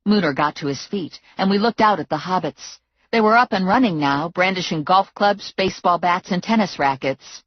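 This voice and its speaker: A woman with a low voice reads a first-person audiobook in a brisk, wry manner. The sound is close and dry. The recording is slightly muffled. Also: no room sound. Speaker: audiobook narrator.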